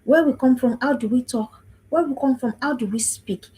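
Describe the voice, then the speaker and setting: A woman of about forty from Africa speaks on parenting in a preaching manner, with a high-pitched, warm, husky voice at normal speed. She's emphatic, repeats phrases, and asks if her listeners understand, though the livestream audio is poor.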